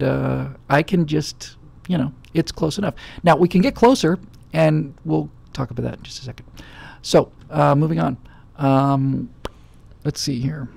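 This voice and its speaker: Male host, middle-aged, very gravelly and husky, casual rambling chat. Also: a little high, darkish tone. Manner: rambling storytelling with many fillers. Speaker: show host. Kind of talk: casual talk-show chat.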